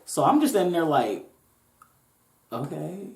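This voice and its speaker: A woman's voice: sits low, expressive, moderate pace, dark tone. A woman hosting a podcast, telling a story in a laid-back, profane way with joking asides, in a roomy-sounding recording. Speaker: podcast host. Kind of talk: casual storytelling. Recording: roomy echo.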